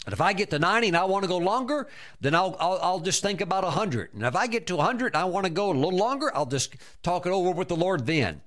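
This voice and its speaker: A male pastor delivering a fervent sermon, his voice swinging widely between low, measured stretches and high, urgent bursts. He speaks with emphatic, animated conviction and punctuates points with repeated exclamations. His tone sits slightly higher than most men's.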